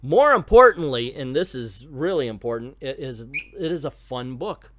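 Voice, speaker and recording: A man's voice: mid-range voice, expressive, normal speed, a bit bright, a little hiss or hum. A middle-aged man giving a casual, blunt comic book review, full of strong opinions and mocking asides.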